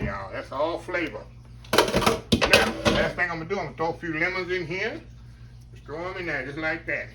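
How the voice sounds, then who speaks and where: A man's voice: medium pitch, heavy background noise. A man hosting a casual home cooking demonstration in his kitchen, talking folksily to viewers as "y'all" and savoring the food aloud. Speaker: cooking channel host.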